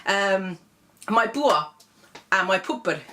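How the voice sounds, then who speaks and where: A woman's voice: mid-range voice, lively intonation, slow, pushed and bright. A woman from England, talking casually to camera in a comic video blog, chatty and amused, with many ums. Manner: chatty and amused, many ums, laughs at her own examples. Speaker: vlogger.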